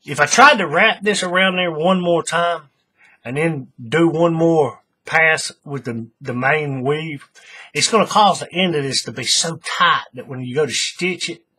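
Husky man thinking aloud while crafting. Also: fairly high pitch, a little slow, pushed and bright. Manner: rambling, thinks aloud with many restarts. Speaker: craft tutorial host. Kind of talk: casual how-to demonstration.

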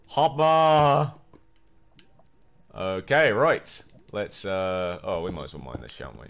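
Speaking slowly with a medium pitch, a young man from the United Kingdom streams a video game live. He's excitable and jokey as he chats to his audience in casual commentary, yelping at anything that startles him.

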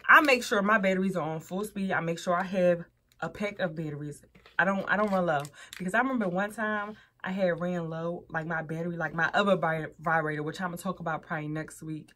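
Her voice sits low with a fairly bright tone as this young woman, a vlogger covering adult toys, talks candidly to the camera. She refers to her viewers as y'all in a relaxed, chatty way.

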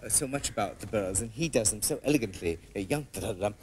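A man's voice: on the low side, expressive, quick pace, slight background noise. A man leading a rehearsal, courteous and precise, singing out rhythms in nonsense syllables to show the phrasing. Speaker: visiting violinist leading a workshop. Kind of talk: rehearsal coaching.

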